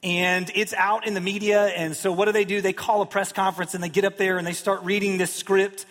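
A man in his thirties preaches to his congregation in an easy, joking way, acting out little quotes along the way. His voice sits high for a man. The sound carries a long reverb, as if from a large church sanctuary. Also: level tone, brisk, a bit bright. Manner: conversational, self-deprecating humor with acted-out quotes. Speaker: pastor. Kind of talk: sermon.

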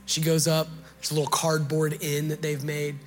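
A man's voice: fairly high pitch, monotone, normal speed, in a large hall, faint music behind. A man, a pastor giving a sermon in a casual, joking storytelling way, with many fillers.

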